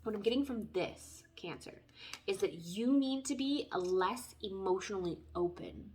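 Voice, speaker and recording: A woman's voice: mid-range voice, normal speed. Chatty woman giving a tarot reading. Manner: chatty, tangents, lively swings in loudness. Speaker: tarot reader. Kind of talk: casual spoken tarot reading.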